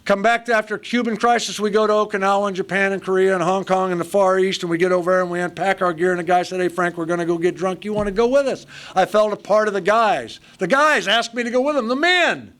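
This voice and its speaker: A man's voice: sits high, quick pace, few pauses, a bit bright. A man in his sixties telling his own life story at a recovery meeting, blunt and self-mocking in short punchy sentences, speaking live before an audience. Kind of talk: humorous personal storytelling.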